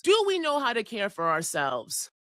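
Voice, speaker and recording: A woman astrologer in her forties talks straight into a close, dry mic. She preaches with fire and swears freely, and her fairly high voice swings in pitch as she pushes close to tears. The sound is intimate and has no room echo. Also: wildly swooping pitch, moderate pace, bright, forceful tone. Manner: fiery, preachy, profane, near tears. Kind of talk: impassioned forecast monologue.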